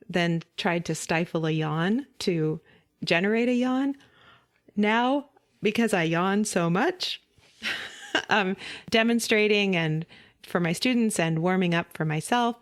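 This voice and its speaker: A woman voice teacher gently guiding listeners through a vocal warm-up, giving calm step-by-step instructions with light laughs. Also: medium pitch. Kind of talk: guided vocal warm-up lesson.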